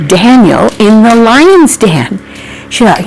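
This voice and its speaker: A woman telling a Bible-themed children's story, animated, asking her listeners questions and hushing her voice for suspense. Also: fairly high pitch, unhurried, slight background noise, poor audio.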